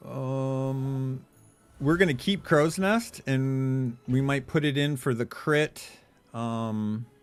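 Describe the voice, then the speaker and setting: A man live-streaming a video game, thinking aloud in a relaxed, casual way and swearing now and then. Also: medium pitch, clean tone.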